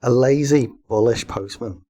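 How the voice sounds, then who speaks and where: A man co-hosting a podcast in casual chat, pitching silly comedy film ideas and laughing often. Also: measured pace, mellow. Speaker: podcast co-host.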